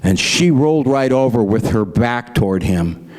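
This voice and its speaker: A man's voice: mid-range voice, expressive, normal speed, darkish tone. A middle-aged man telling folksy stand-up jokes about his grandparents, acting out their voices. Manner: folksy storyteller, acts out grandparents in raised voices. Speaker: stand-up comedian.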